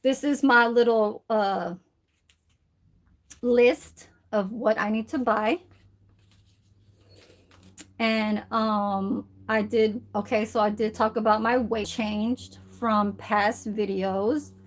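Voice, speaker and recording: A woman's voice: on the high side, steady tone, slow, pauses often. A woman vlogging in casual chat, rambling, swearing freely and tagging her sentences with "okay?", filmed on a phone at home. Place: at home, indoors. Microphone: phone camera.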